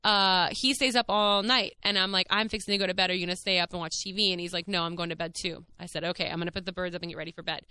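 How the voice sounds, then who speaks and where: Young woman hosting a podcast, candid and chatty with lots of fillers; crisp, bright voice, dry close sound. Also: on the low side, fairly even intonation, rapid-fire, few pauses, dry recording. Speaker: podcast host. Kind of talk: casual monologue.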